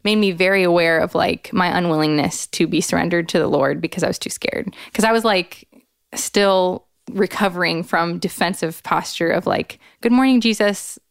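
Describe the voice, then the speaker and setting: Smooth-voiced woman telling a story animatedly. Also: normal speed, dry recording, studio quality. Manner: animated, acts out quoted voices with big jumps in pitch; frequent "like" fillers, earnest and expressive. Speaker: podcast guest, author. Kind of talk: candid storytelling in a conversation.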